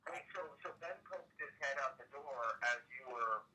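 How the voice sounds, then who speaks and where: A man's voice: mid-range voice, moderate pace, bright, forceful tone, husky. A man on the phone backing up a friend, insistent and repeating himself for emphasis. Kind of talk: phone conversation. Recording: tinny phone line, far off.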